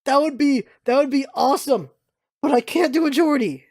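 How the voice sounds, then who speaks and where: A woman's voice: high-pitched, moderate pace, a little mellow. A woman reading game dialogue aloud between jokey asides, trying out character voices as she plays. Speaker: let's play streamer.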